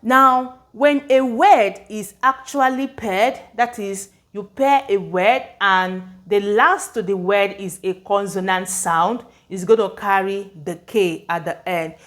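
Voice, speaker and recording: A woman's voice: medium pitch, fairly bright tone. A woman teaching English spelling, explaining patiently, sounding out words and often checking that her students follow. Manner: explanatory, repeats words slowly, checks understanding. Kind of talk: spelling lesson at a board.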